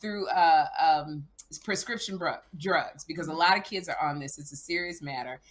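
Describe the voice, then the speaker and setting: A middle-aged woman co-hosting a comedy podcast, telling stories with loud acted-out quotes. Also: low-pitched, moderate pace. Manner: animated storyteller, acts out quotes loudly. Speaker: podcast co-host. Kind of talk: casual comedic chat.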